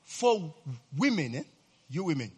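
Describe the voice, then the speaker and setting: Animated preacher quizzing his listeners. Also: on the high side, a little slow, husky. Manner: lively, keeps checking the listeners with "eh?" and quizzing them. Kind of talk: sermon.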